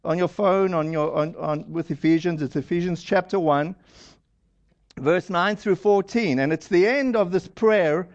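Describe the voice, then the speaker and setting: High-voiced preacher on dull lo-fi audio. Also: male voice, a little slow. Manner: casual storyteller, acts out quoted lines. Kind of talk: conversational sermon.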